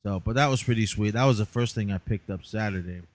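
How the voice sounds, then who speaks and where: A man's voice: on the low side, fast talker. A tired man casually recapping his day as a podcast host, rambling with many fillers. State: tired, yawning.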